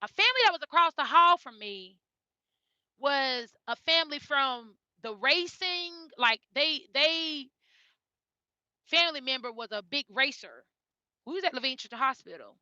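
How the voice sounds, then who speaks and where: Mother telling a story, high and very bright, earnest, dry dull lo-fi audio. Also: animated, unhurried, no echo. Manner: repeats phrases, earnest and heartfelt. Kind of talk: emotional personal storytelling. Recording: dull lo-fi recording.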